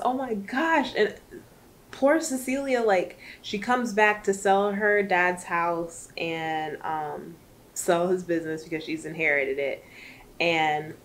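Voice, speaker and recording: A woman reviewing a book in casual chat, chatty and emotional, rambling with lots of fillers. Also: fairly low pitch.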